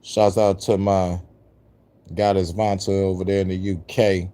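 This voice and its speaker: A man's voice: sits low, flat delivery, a little slow, mellow. A man, a musician, giving loose, slang-filled casual commentary to his viewers. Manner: loose, slangy, rambling talk. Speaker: musician vlogger.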